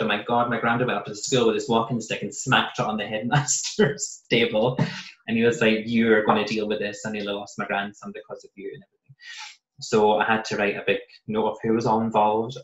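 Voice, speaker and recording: Soft-spoken British man, low and flat. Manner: soft-spoken, recounting with quoted asides. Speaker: podcaster telling his own story. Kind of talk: personal storytelling in casual chat. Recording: roomy, slightly muffled podcast audio.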